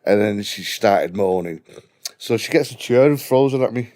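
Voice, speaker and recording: A man's voice: on the low side, expressive, moderate pace, warm tone. Broad Scouse man telling a blunt story. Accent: Liverpool. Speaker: guest storyteller. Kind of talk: casual anecdote with swearing.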